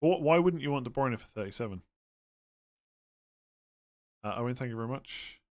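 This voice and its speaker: A man hosting a live stream, chatting casually and thinking aloud as he answers viewers' questions. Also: mid-range voice. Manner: relaxed, thinks aloud with fillers and quick verdicts. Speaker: livestream host answering fantasy football questions.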